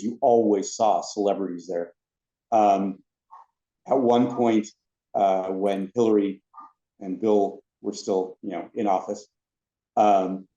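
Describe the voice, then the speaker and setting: A man telling anecdotes as a podcast guest, a lively storyteller who acts out the other people in his stories. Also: fairly low pitch. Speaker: podcast guest, former theme park ride attendant. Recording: roomy, dull lo-fi sound.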